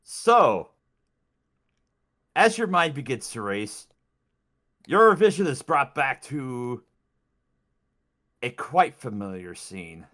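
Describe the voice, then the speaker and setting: A man narrating a tabletop game as dungeon master, describing scenes in an expressive way. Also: mid-range voice, slow, long pauses.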